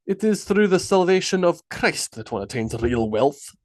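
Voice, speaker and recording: A man's voice: on the high side, very animated, moderate pace, dry recording, studio quality, pitched above the performer's own voice. A man reading an audiobook, voicing a stern older Christian Viking warrior with a thick accent and a preachy manner. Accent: thick unplaced accent put on.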